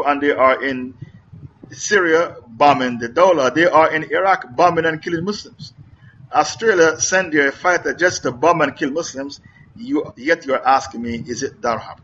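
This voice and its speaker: A man's voice: fairly high pitch, fairly bright tone, dull audio, slight background noise. A middle-aged man preaching in a question-and-answer lecture, emphatic and repetitive, firing off rhetorical questions.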